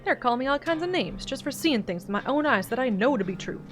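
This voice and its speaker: A woman voicing a stubborn, gruff old backwoods man with a put-on Southern accent in a voiced-over game, with folksy, grumbling speech. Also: sits high, expressive, quick pace, soft background music, pitched above the performer's own voice. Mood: insistent. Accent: put-on generic Southern US.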